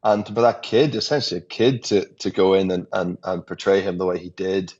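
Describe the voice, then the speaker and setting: A man's voice: sits low, a little fast, a little mellow, slightly rough, highs cut off. A man, an actor, chatting casually in an interview from his apartment, laughing easily and restarting sentences.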